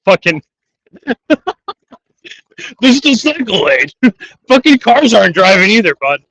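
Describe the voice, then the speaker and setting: A man's voice: sits high, big pitch swings, a little slow, fairly bright tone, a little hiss or hum, poor audio. A man reporting live from a street march, casual and chatty, swearing and laughing often. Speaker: independent news reporter.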